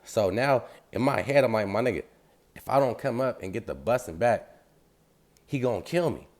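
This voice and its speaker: A man telling a story in casual street slang, animated and acting out the sounds. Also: medium pitch, moderate pace.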